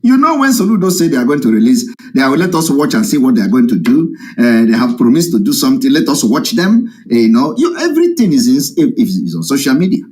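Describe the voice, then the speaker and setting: A man's voice: medium pitch, sing-song, fast, hardly any pauses, a little mellow. A man giving a heated, mocking live-stream monologue to his followers. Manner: combative, mocking, repetitive. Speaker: activist addressing followers. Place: live broadcast from home.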